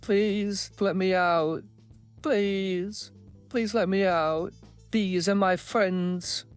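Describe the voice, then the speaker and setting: A man voicing a whiny little boy, his voice run through an AI voice changer and pitched up. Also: fairly even intonation, clear, resonant tone, soft background music. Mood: pleading. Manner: pleading, drawn-out whimper. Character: whiny, whimpering little boy begging to be let out. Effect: AI voice conversion with pitch shift upward.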